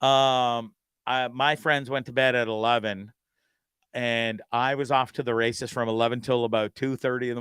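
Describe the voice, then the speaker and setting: A male host spins a loose, profane story, tripping over restarts as he goes. His voice is smooth and clear, recorded close and dry. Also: mid-range voice, fairly bright tone, no echo. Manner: rambling, profane, stammering restarts. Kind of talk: casual storytelling.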